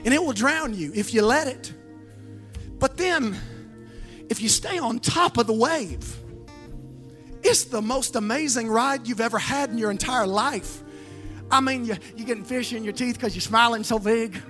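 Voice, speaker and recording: Woman, pastor, sermon, call-and-response, sharp bright tone, soft music behind. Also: on the high side, unhurried, long pauses. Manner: emphatic preaching with call-and-response.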